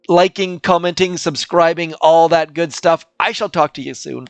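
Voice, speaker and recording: A man's voice: fairly high pitch, normal speed, few pauses, clean tone, no echo. An older man casually commentating his gameplay as a channel host, chatty and self-deprecating, thinking aloud as he plays.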